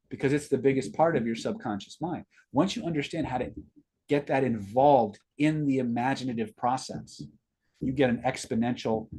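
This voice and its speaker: A middle-aged man talks casually on a live stream, answering viewers and drifting into a personal story. His voice is husky, at an average pitch for a man. He often restarts and repeats words as his thoughts catch up. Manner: rambling, repeats words, rising excitement in story.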